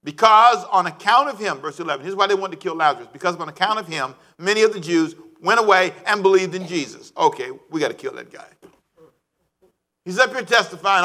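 A male pastor preaching a sermon, animated and calling on the congregation to answer back. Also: high-pitched, fast.

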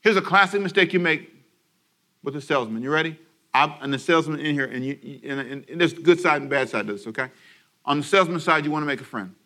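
A man's voice: fairly high pitch, lively intonation, fast talker, pushed and bright. A man preaching a radio sermon with lots of energy. He uses call-and-response and acts out little scenes for his listeners. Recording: broadcast radio sermon from a church service.

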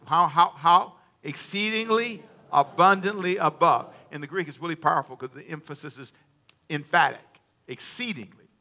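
Bright-voiced man preaching with call-and-response. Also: fairly high pitch, creaky. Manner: call-and-response preaching, dramatic swings in volume. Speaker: pastor. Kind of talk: sermon. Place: church sanctuary with congregation.

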